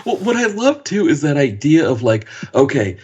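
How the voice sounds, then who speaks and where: A man's voice: a little high, big pitch swings, moderate pace, darkish tone, dull audio, slight background noise. A man co-hosting a podcast, enthusiastically retelling movie scenes and acting out the lines. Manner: enthusiastic, acts out quoted lines. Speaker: podcast co-host. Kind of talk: casual movie chat.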